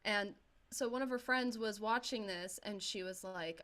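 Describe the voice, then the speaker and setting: A middle-aged woman on a film podcast panel, telling a story in an animated, amused way. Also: mid-range voice, normal speed. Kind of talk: roundtable film discussion.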